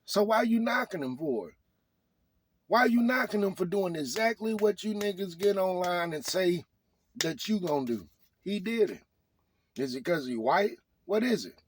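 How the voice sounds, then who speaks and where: A man, preaching at his audience in a loud, repetitive rant. His voice sits a bit higher than most men's, and the recording is dry and close with no room sound. He drives his point home with one rhetorical question after another. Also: animated, moderate pace, breathy edge, no room sound. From Arkansas. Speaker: vlogger. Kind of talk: motivational rant to camera.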